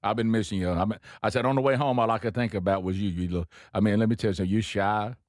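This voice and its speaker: A talk show host doing a folksy man with a Cajun accent and a deep, slow drawl, as a comic impression. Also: dry recording, studio quality, lightly acted. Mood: sweet-talking.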